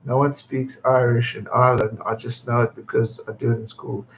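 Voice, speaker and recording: A man's voice: mid-range voice, flat delivery, brisk, a little hiss or hum. A man in his twenties from England, hosting his birthday livestream, chatting casually, reading out viewer comments, laughing often and swearing freely. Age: 20s. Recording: slightly dull lo-fi stream audio.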